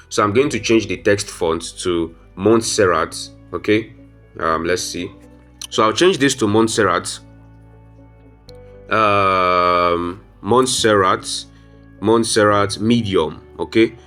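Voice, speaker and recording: A man with a very low voice talks viewers through a design tutorial one step at a time. He speaks casually, calls his audience "guys" and fills pauses with "um". Soft guitar music plays quietly underneath. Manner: step-by-step instructions, frequent "um" fillers, addresses viewers as "guys". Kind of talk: screen-recorded software tutorial.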